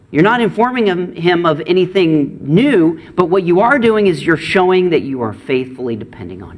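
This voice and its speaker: Man, middle-aged, pastor, sermon, earnest, lively pitch. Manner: earnest, swings from raised to hushed.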